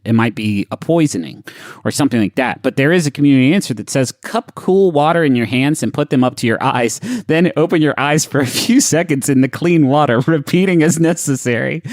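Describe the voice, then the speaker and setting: Man, comedy podcast co-host, crude joking, reads articles aloud, lively pitch, dry sound. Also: no echo.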